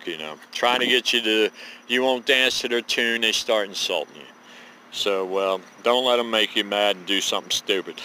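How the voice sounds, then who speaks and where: A man in his fifties talks straight to his camera in a loose, digressive monologue, full of folksy sayings and swearing. His voice is bright and forceful. Faint background noise sits under the recording. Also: medium pitch, low-quality recording. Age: 50s. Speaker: vlogger.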